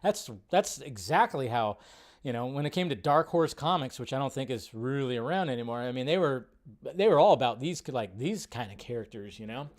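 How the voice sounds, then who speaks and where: A man hosting a casual film-commentary livestream, animated and reacting loudly, with some swearing. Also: medium pitch, a little fast. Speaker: livestream host.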